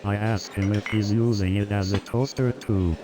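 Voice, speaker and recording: A man's voice: fairly low pitch, fairly even intonation, moderate pace, heavy background noise. A synthetic man's voice telling a stand-up comedy routine, rattling off one-liners with chuckles. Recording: loud crowd and music behind.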